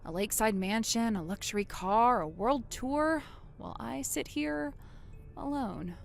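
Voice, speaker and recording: A woman voicing a wronged older sister in a text-message story, speaking low, subdued and cold. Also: measured pace, vocal fry, slight background noise. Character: wronged older sister, quiet and bitterly calm.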